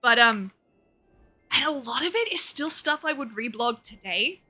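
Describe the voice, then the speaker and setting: A woman streaming a game, reacting out loud and swearing a lot in casual commentary. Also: on the high side, lively intonation, moderate pace, soft background music.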